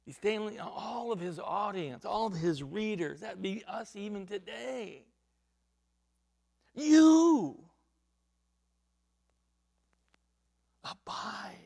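A man preaching an expository sermon, emphatic and repeating himself, dropping at times to a hushed near-whisper. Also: sits high, unhurried, creaky, hardly any pauses. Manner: repeats and restarts words while reaching for a point.

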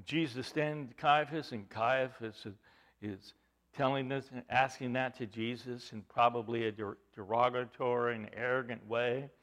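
In a mid-range voice, a man preaches a sermon, telling the story dramatically. He poses rhetorical questions and swings from loud emphasis down to hushed tones.

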